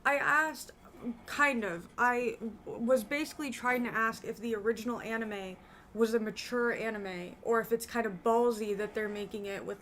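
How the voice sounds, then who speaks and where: A woman's voice: on the high side, steady tone, normal speed, a bit bright. A woman co-hosting a casual reaction chat, answering briefly and easily. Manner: brief, easygoing replies. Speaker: co-host.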